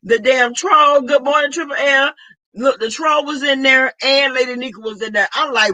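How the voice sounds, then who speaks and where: A woman with a Southern US accent chats to her live-stream audience in a casual, dramatic way. Her voice sits high and sounds very bright and sharp. She greets viewers by name between stories. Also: moderate pace, low-quality recording. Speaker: vlogger.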